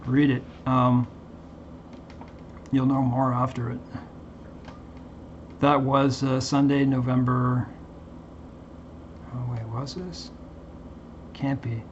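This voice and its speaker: Guy reading stuff out and chatting about it, kinda monotone, lots of uh's, dull lo-fi sound w/ faint hiss. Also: mid-range voice. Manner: halting, reads haltingly with many fillers and restarts. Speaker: Bible commentary vlogger. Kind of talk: reading aloud and commenting.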